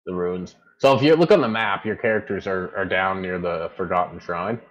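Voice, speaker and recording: A man with a very low voice runs a tabletop game and narrates the scene. He rambles, often stopping mid-sentence to hunt for the right word. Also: moderate pace, rough recording. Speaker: game master.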